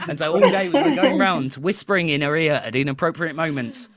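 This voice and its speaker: Chatty self-deprecating British quiz host. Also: male voice, a little high, huge pitch swings, fairly quick, a crowd in the background. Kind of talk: casual live quiz hosting.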